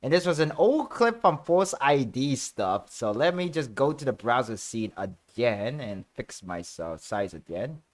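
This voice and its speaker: A man co-hosting a casual live-stream chat show, excitable and rambling with lots of fillers. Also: medium pitch, a little slow, hardly any pauses. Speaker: co-host of a talk and news stream.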